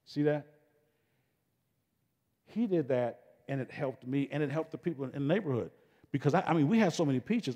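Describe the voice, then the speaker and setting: A middle-aged man talks to a school audience in a loose, folksy storytelling voice, pitched right in the middle for a man. He keeps stopping and restarting his sentences and drops into casual grammar. His voice carries a long reverb tail from a big hall. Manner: folksy, animated, self-interrupting, casual grammar. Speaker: guest speaker. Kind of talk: storytelling talk to students. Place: school event space.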